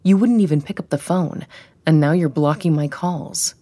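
A woman reading an audiobook, voicing a smug, pushy man who keeps justifying himself in a glib, quiet way. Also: low voice, normal speed, no room sound. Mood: pleading. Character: male ex-boyfriend, smug, pushy, self-justifying.

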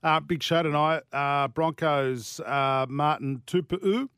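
Joking Australian radio sports host. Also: male voice, on the high side, slow, clean tone, no room sound, studio quality. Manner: relaxed, joking, conversational. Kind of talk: casual radio sports chat.

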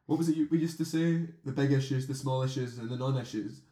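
A man's voice: mid-range voice, quick pace, warm tone. Chatty Scottish man hosting a podcast. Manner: rambling, self-interrupting, chatty. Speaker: podcast host. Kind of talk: casual podcast chat. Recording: roomy echo.

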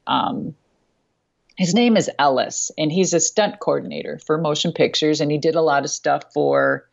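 A woman's voice: low voice, normal speed, gravelly, highs cut off. A woman hosting her own talk show, telling wrestling stories in a casual, blunt way, swearing freely and laughing often. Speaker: show host and former wrestler. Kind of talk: casual chat.

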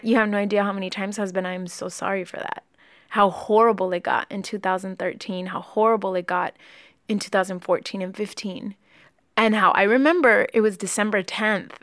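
A woman's voice: medium pitch, fairly even intonation, a little fast, fairly bright tone, dry recording, clean studio sound. A woman co-hosting a podcast, telling her own story in a candid, openly emotional way. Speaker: podcast co-host. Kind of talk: candid personal conversation.

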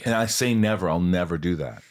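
A man in his fifties hosting a podcast, chatting casually and excitably with his guest. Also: sits low, a little fast, dry recording, clean studio sound. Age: 50s. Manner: chatty and excitable, jumps in with questions. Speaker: podcast host. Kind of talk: casual interview chat.

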